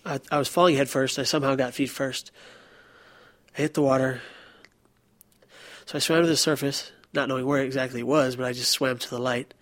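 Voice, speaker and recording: A young adult man recounting a personal experience in an earnest, emotional, halting way. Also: medium pitch, steady tone, a bit bright, no echo. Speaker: interviewee.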